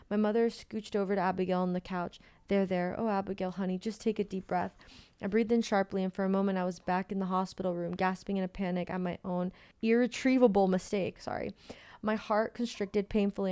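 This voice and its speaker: A woman reads a novel aloud for her book podcast, carrying the first-person narration steadily. Her voice is smooth and clear, sitting at a middling pitch. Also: no echo. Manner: steady first-person reading, then excitable chat. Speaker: podcast co-host reading aloud. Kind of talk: reading a novel aloud, then casual chat.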